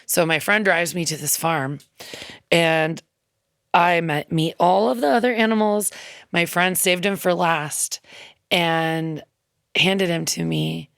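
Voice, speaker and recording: A woman's voice: lowish voice, slow, vocal fry, a bit bright, no echo. A woman musician, a guest in a radio studio, telling a heartfelt story in a chatty, loose way full of ums and quoted asides. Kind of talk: casual interview storytelling.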